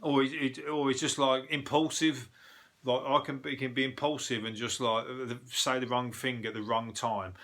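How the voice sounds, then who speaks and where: Bright-voiced sweary Brummie comedian. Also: male voice, medium pitch, little pitch movement, moderate pace. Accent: Birmingham (Brummie). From Birmingham, England. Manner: sweary, rambling, laughs at his own jokes. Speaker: comedian and show host. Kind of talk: casual comedic monologue.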